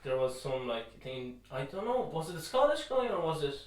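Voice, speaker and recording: A young man co-hosting a podcast, relaxed and quick to laugh, giving short casual replies. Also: a little high, far from the mic. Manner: laid-back, laughs often, short replies. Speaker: podcast co-host. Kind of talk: casual chat. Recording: echoey room, set back from the mic.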